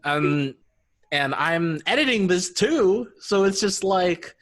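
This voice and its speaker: Slow-talking joking male podcast host. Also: high-pitched, expressive, a bit bright. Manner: joking, self-deprecating, quick laughs. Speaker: podcast host and dungeon master. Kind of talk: casual podcast chat.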